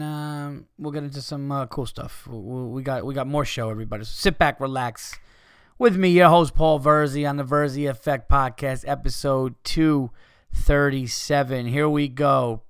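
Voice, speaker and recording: A man's voice: medium pitch, fairly bright tone, smooth, dry recording, studio quality. Profane ranting man hosting a podcast. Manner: profane, rambling, fired-up ranting. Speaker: podcast host. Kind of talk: solo podcast rant, reading listener letters.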